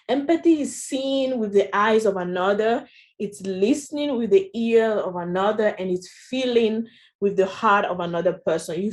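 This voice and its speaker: This is a workshop presenter, a woman with a French accent and a medium-pitched, slightly mellow voice. She talks through the training in a chatty style, regularly adding "you know" and "right?".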